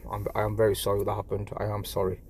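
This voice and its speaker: A man with an English accent, talking on a casual phone live stream. His voice sits a little low, and he rambles, stammers and repeats words as he goes. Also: completely flat delivery, fast, darkish tone, slight background noise.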